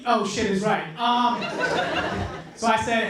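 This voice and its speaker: A man's voice: high voice, moderate pace, background noise. A young man from South Korea with an American-influenced accent, doing a self-mocking, swearing stand-up set in a comedy club. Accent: American-influenced English. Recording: echoey club from far mic, crowd.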